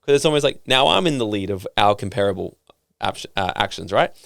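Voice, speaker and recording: A young man, a podcast guest telling stories in a casual, animated way and swearing freely. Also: fairly low pitch, fairly quick, creaky, no echo, clean studio sound. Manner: animated storytelling, swearing casually, acting out quoted people.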